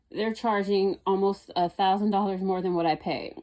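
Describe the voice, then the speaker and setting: Young woman rambling on about dating, blunt and kinda exasperated, soft mellow tone. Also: mid-range voice, steady tone, normal speed, hardly any pauses. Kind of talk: casual storytelling about dating.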